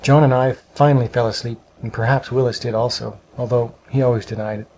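A man narrating a storybook with a steady, measured reading. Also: medium pitch, slight background noise, low-quality recording.

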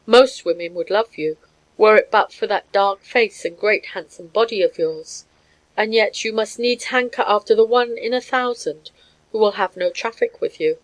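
A woman voicing a gruff Scottish man who speaks curtly and dismissively. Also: mid-range voice, normal speed, no room sound, natural voice, rough recording. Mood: scornful. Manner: curt, dismissive.

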